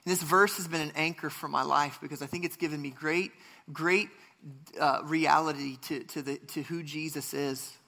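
A man's voice: a little high, fairly even intonation, moderate pace, gravelly, bright, forceful tone. A man preaching a sermon, reading scripture and speaking earnestly, with frequent restarts and passionate rises. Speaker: pastor.

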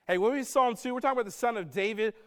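A man delivers a sermon in a fairly high voice. He talks in a casual, earnest way and pushes harder on his key points. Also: very fast, a bit bright, smooth. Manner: earnest, conversational preaching with rising emphasis. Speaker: pastor.

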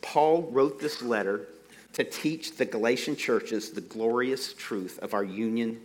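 A middle-aged man preaching a sermon into a microphone, slowing down to stress key phrases and dropping in folksy, self-deprecating asides. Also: medium pitch. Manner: slow, deliberate emphasis on key phrases.

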